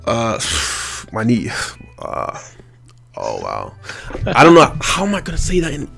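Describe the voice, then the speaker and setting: A man's voice: medium pitch, huge pitch swings, a little slow, gravelly, a bit bright, faint music behind. A man with an African accent hosting a casual podcast chat, rambling and repeating his phrases. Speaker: podcast host.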